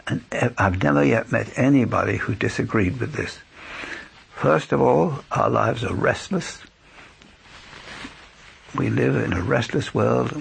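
A man's voice: on the low side, creaky. A man teaching a church group how to share their faith, earnest and anecdotal, acting out both sides of conversations. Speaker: lay preacher teaching evangelism. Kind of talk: instructional church talk.

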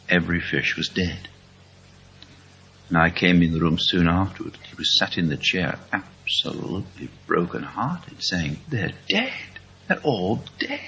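Middle-aged English man, very low voice with a bright edge, earnest testimony speaker. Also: vocal fry, husky. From England. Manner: slow, earnest storytelling. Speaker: speaker at a Christian meeting. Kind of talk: testimony talk. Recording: dull lo-fi recording.

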